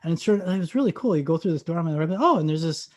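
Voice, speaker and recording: A man, an actor guest on a podcast, telling a story in a lively, animated way. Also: fairly high pitch, very fast. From Canada. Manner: animated, loud acted-out storytelling.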